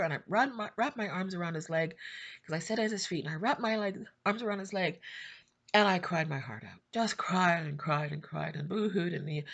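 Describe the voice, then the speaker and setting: A middle-aged woman speaks with a lowish voice as she pours out an emotional personal testimony. Her delivery is impassioned and repetitive, and she often climbs to high, pleading cries. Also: fairly bright tone. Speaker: Christian YouTube prophetic channel host.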